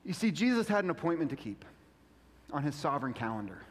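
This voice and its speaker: A man pastor giving a casual, animated sermon full of slang. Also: fairly high pitch, fast, slightly rough, long reverb tail.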